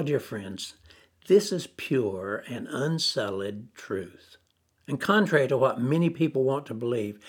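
A male preacher delivers a sermon at an unhurried, deliberate pace. His voice is slightly husky, his pitch sits in the middle, and he repeats key phrases to drive them home.

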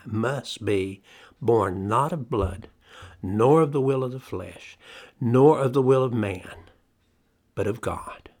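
A middle-aged man preaching a sermon, emphatic and deliberate, slowing down to stress key phrases. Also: medium pitch, darkish tone.

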